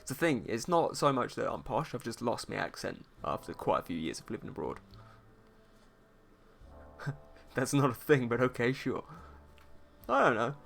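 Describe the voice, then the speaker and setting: A man's voice: mid-range voice, very animated, normal speed, gravelly, pauses often, a bit bright. A man with a posh British accent, hosting a casual art livestream and chatting and teasing his viewers in a playful way. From England. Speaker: art streamer host.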